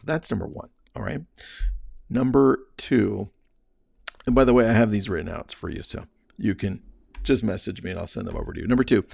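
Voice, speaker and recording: Man, podcast host, casual coaching, very gravelly, dry close sound, chuckles now and then. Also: fairly low pitch, dark tone, no room sound. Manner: conversational, often adds "right?" and voices his own inner thoughts; chuckles mid-sentence. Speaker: real estate podcast host. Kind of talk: casual mindset coaching monologue.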